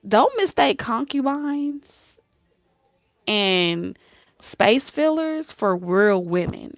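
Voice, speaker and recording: A woman tarot reader talks straight to her audience in a blunt, streetwise way. She acts out both sides of a conversation, laughs often and slips into soft whispers. Her voice sits at a middle pitch and is recorded dry and close. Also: no echo. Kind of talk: casual talk to camera.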